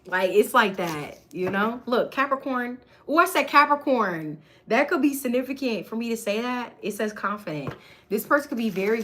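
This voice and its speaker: A woman's voice: fairly high pitch, a bit bright, a little hiss or hum. Giggly, chatty woman tarot reader. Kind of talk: casual tarot reading to camera.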